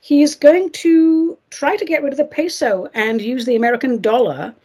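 A woman's voice: high-pitched, moderate pace, dark tone, husky. A middle-aged woman hosting a podcast, giving a chatty, theatrical monologue full of sarcastic asides and giggles. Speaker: podcast host. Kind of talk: casual monologue commentary.

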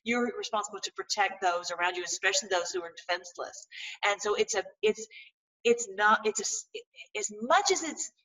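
A woman talking to her viewers in a casual, animated monologue, full of restarts and religious phrases. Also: medium pitch, fairly quick, distant mic, rough recording. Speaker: political commentary host.

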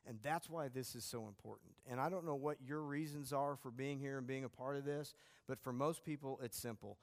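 A man's voice: medium pitch, fairly quick. A man teaching a church class, telling anecdotes in a self-deprecating, conversational way. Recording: long hall reverb.

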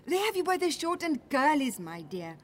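A sharp-tongued friend, dry and teasing. Her voice sits a little high and brisk in a radio-drama style. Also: sing-song. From India. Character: sharp-tongued Indian friend and coach, worldly.

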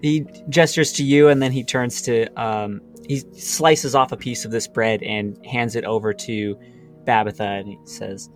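A man running a tabletop game as game master, narrating in a relaxed manner and laughing often. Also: medium pitch, normal speed, faint music behind.

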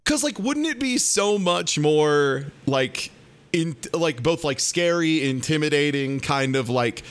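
A man's voice: a little high, animated, measured pace, clear, resonant tone. A man co-hosting a casual TV recap podcast, rambling with lots of fillers and crude jokes. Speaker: podcast co-host.

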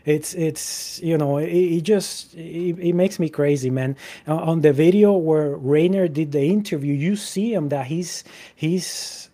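Man, slightly high pitch, casual Christian talk, scripture readings, filler-heavy conversational delivery. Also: measured pace, warm tone. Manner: conversational, many "you know" fillers and restarts; reads Bible verses aloud.

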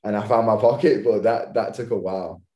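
A man's voice: fairly low pitch, fairly quick. Laughing man in an echoey room. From England. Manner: laughs often, relaxed and easygoing. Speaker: podcast guest, professional dancer. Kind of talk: casual interview chat.

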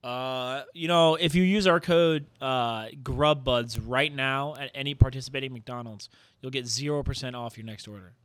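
A man co-hosting a casual food podcast, joking around with deadpan fake announcements. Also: medium pitch, normal speed, clear, resonant tone, no echo. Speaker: podcast co-host. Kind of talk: casual chat.

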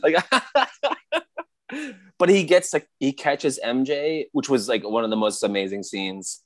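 A man in casual chat, retelling scenes excitedly with frequent laughter. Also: medium pitch, slow pace.

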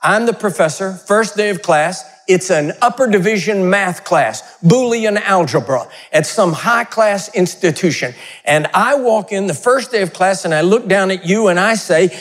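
A man's voice: high voice, lively intonation, moderate pace, few pauses, a bit bright. A man preaching a sermon, telling funny stories in a conversational way. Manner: humorous storytelling, conversational.

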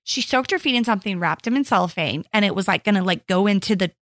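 A middle-aged woman co-hosting a podcast, telling animated stories and acting out her own quotes in a casual chat. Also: mid-range voice, fast talker, no echo, clean studio sound. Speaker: podcast co-host.

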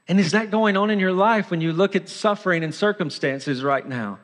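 A man's voice: a little high, lively intonation, normal speed, a bit bright. Earnest preaching man in reverberant church hall. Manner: earnest preaching, dramatizing the voice of sin. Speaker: pastor. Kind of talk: sermon. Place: church sanctuary.

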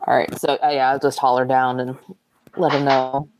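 A woman's voice: extremely low pitch, level tone, normal speed, a little hiss or hum. A woman taking part as a player in a tabletop game, speaking politely and tentatively. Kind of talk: tabletop role-play.

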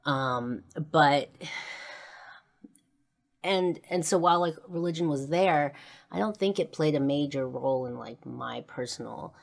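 A woman's voice: low-pitched, measured pace, creaky. A woman podcast host telling a personal story in a rambling way, full of fillers and restarts.

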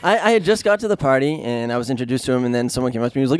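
A man's voice: mid-range voice, very fast, dry recording. A man co-hosting a comedy podcast, speaking earnestly in casual chat. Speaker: podcast co-host.

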